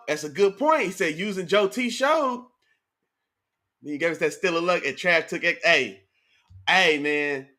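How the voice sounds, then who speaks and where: Hyped high-voiced man hosting sports chat. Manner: hyped, slangy, shouts out chat viewers. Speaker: sports talk livestream host. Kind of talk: casual livestream sports chat.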